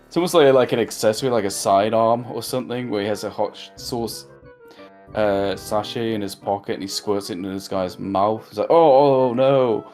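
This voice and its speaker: A man's voice: fairly low pitch, fairly even intonation, brisk, darkish tone, faint music behind. A man co-hosting a casual review chat, rambling through jokey recaps with lots of fillers. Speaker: podcast co-host.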